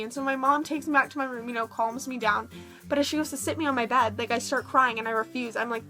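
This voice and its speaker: Young woman vlogger, high voice, chatty and casual, filler-heavy storytelling. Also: fairly quick, sharp tone, soft background music.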